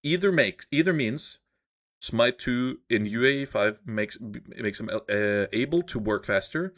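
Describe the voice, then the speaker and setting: A man's voice: mid-range voice, animated, measured pace, a bit bright. Opinionated man chatting about games. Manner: opinionated, hesitant with many uh fillers. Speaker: podcast co-host. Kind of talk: casual gaming podcast chat.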